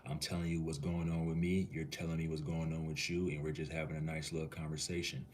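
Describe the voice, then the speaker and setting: Super deep flat-voiced guy from minneapolis just vibing with his stream chat. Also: quick pace, a little hiss or hum. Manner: laid-back, easygoing, talks to the chat like a cool uncle. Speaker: livestreamer. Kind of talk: casual livestream chat, answering viewers' comments.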